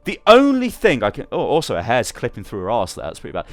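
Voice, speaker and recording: Young male gaming commentator, sarcastic and exasperated, very animated pitch, dry close mic with faint music underneath. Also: fast talker, dry recording. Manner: exasperated, sarcastic, swears freely. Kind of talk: ranting gameplay commentary.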